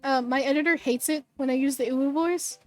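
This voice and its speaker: A woman's voice: high voice, fairly even intonation, fairly quick, dry recording, soft background music. A woman streaming a game at home, giggly and rambling, on a desk mic. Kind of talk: casual game commentary.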